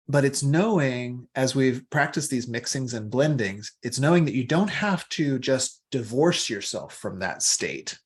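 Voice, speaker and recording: A man teaching qigong and meditation over a video call on an external microphone, casual, playful and rambling, sometimes swearing. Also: mid-range voice.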